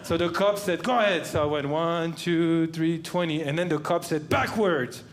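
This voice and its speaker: A man performing stand-up comedy in a club, telling a story in a slow, deadpan way. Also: a little high. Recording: live club with background noise.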